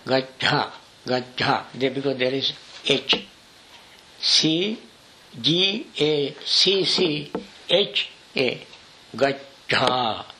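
An older man, a monk teaching a scripture study class with slow, halting explanations and spelled-out words. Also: on the high side, expressive, bright, forceful tone, low-quality recording.

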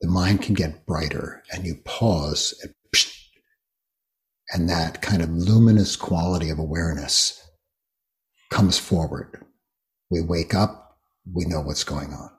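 An older man guiding a meditation talk, speaking slowly and gently with many long pauses. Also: deep voice. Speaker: meditation teacher. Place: retreat hall.

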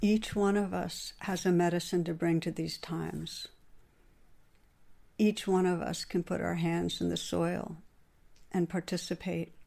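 Earnest woman with a lowish voice. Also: flat delivery, unhurried, creaky. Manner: gentle, earnest storytelling. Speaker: meditation teacher. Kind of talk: dharma talk.

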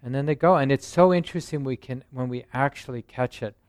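A male meditation teacher gives a talk at a meditation center in an easy, conversational way, often checking in with his listeners. His voice is smooth and resonant, at a middle pitch. The recording is dry and close. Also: brisk, darkish tone, dry recording. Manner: conversational, frequent "right?" and "you know". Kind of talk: dharma talk.

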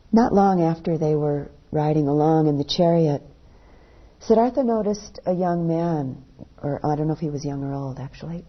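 In a dharma talk, a woman meditation teacher with a low, husky voice unhurriedly tells a story, her phrases softly trailing downward. It comes through on a dull, lo-fi recording.

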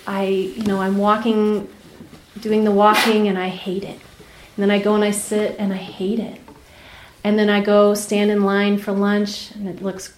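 A woman meditation teacher giving a dharma talk, telling a personal story candidly, laughing often and dropping to soft, near-whispered asides. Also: mid-range voice, echoey room, noisy background. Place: retreat center meditation hall.

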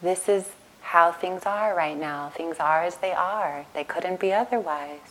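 A woman meditation teacher giving a gentle dharma talk at a retreat, telling stories in a soft, calm way. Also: on the low side, measured pace, poor audio. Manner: gentle, storytelling, soft-spoken. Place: retreat center meditation hall.

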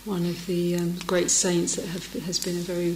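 A woman's voice: fairly low pitch, completely flat delivery, moderate pace, a little mellow, slight background noise. A middle-aged woman, giving a dharma talk as a meditation teacher, telling stories and laughing often. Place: meditation hall. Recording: echoey meditation hall.

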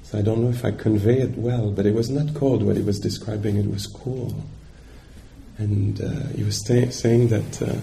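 A man's voice: lowish voice, fairly even intonation, normal speed, gravelly, dark tone, a little hiss or hum. A man giving a dharma talk as a meditation teacher, searching for words and checking in with his listeners.

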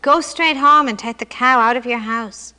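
A woman voicing a calm, wise old rabbi who speaks serenely and gently, reading him aloud in a story. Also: on the high side, moderate pace, long reverb tail.

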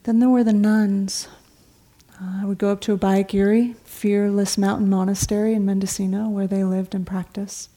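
A middle-aged woman, a meditation teacher, giving a dharma talk in a meditation hall, telling stories conversationally and sometimes dropping to a soft whisper. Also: medium pitch, little pitch movement, moderate pace. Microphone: talk recording before a seated audience.

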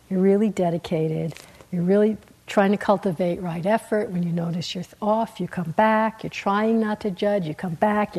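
Gentle husky woman meditation teacher. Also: mid-range voice, poor audio. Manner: gentle, unhurried, with soft laughs and quiet trailing endings. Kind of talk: dharma talk. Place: meditation hall.

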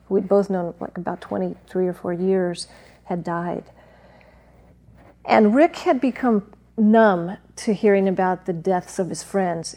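Speaking in a mid-range voice, a middle-aged woman who teaches meditation shares a personal story during a gentle, reflective dharma talk, occasionally pausing to clear her throat.

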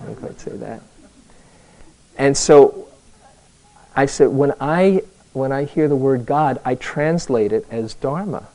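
A man giving a dharma talk to a live group as a meditation teacher, telling a personal story slowly, with hesitant restarts. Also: mid-range voice, mellow, rough recording.

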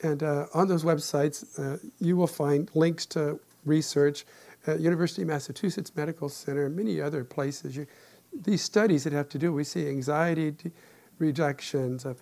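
This sixty-something meditation teacher and therapist offers a dharma talk that is calm and reflective, touched with gentle humor. His voice is a little high and creaky.

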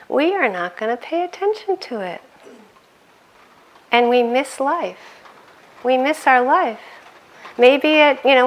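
Middle-aged female meditation teacher, relaxed conversational talk, a touch high-pitched, quick to laugh. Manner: conversational, laughs often, animated in anecdotes. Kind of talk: dharma talk.

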